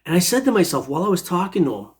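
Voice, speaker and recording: A man's voice: sits high, big pitch swings, racing, darkish tone. A man casually telling a long personal story, rambling with many restarts. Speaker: metal detecting storyteller.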